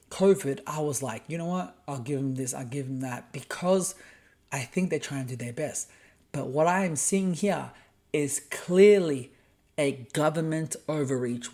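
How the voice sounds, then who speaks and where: A man's voice: on the high side, a little mellow. Heated Australian man ranting. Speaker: podcast host. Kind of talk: solo podcast rant.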